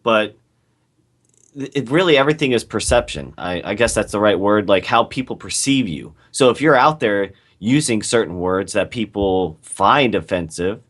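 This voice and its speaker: A man's voice: on the low side, expressive, normal speed, a bit bright. A man co-hosting a casual podcast over a call, laid-back and agreeable, hesitating with fillers. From North America. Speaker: podcast co-host. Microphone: call recording.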